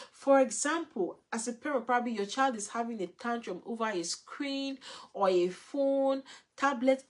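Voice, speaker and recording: A woman teaches parents in a live talk. She speaks earnestly and repeats her points to drive them home, and her voice sits slightly higher than most. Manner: earnest, repetitive, instructive. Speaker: parenting coach.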